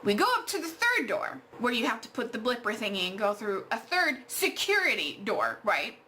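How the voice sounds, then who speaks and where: A woman's voice: fairly high pitch, big pitch swings, normal speed, bright, forceful tone, a little hiss or hum. A young adult woman vlogging at home, telling an exasperated story full of fillers and swearing. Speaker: art vlogger. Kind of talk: casual storytime vlog.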